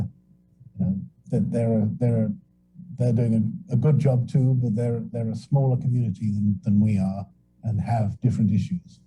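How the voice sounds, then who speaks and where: A British man talks as a guest on a radio talk show, his voice very dark and slightly husky. He pauses often and repeats words while he thinks. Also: fairly low pitch, rough recording. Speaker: government administration director, guest.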